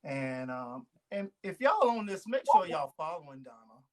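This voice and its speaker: High-voiced man giving heartfelt shout-outs. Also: normal speed. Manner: earnest, warm shout-outs, relaxed slang. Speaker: guest. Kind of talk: casual chat interview.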